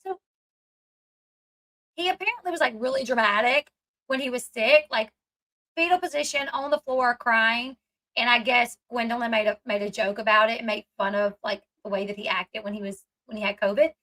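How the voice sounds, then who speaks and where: A woman's voice: fairly high pitch, normal speed, pushed and bright, rough recording. A woman hosting a casual commentary recap, retelling scenes chattily and acting out what people said. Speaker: commentary channel host.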